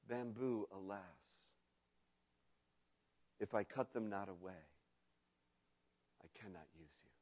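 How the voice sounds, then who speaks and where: A man voicing the grave, loving master of a garden in a sermon story, speaking low and hushed. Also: slow, pauses often.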